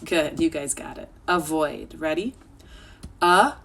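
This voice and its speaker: A woman's voice: deep voice, slow, creaky. A woman teacher, patient and encouraging, sounding out and spelling words letter by letter for children over a video call. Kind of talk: slow, clear spelling lesson for children. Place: home, remote teaching.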